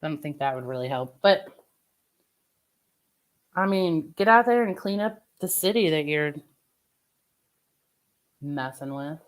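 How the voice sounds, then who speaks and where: A woman's voice: low-pitched, lively intonation, measured pace, long pauses. A woman livestreamer in casual chat with her viewers, venting opinions in a chatty way. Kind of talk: casual live-stream chat.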